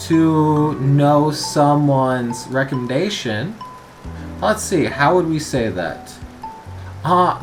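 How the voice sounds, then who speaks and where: Slow, relaxed man teaching a lesson. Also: fairly high pitch. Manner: relaxed and explanatory, many "uh"s and pauses. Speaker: Japanese language teacher. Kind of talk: casual spoken lesson.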